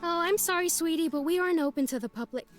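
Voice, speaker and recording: A woman's voice: very high-pitched, fast, faint music behind. A woman voicing a nosy, teasing volunteer in a visual novel, with a sing-songy, playfully prying manner.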